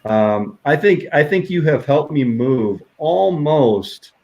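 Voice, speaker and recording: A middle-aged man and minister from New Mexico, talking on a video call in a halting way, restarting his phrases and laughing often. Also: a little high, lively intonation, darkish tone, highs cut off. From New Mexico, USA. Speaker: minister, interview guest. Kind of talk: casual heartfelt conversation.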